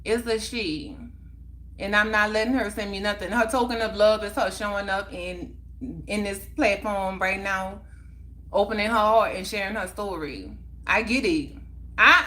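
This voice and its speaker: Bright-voiced heartfelt woman livestreamer. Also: fairly high pitch. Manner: emphatic, heartfelt, repeats phrases for emphasis. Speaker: livestream host. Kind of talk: casual livestream chat.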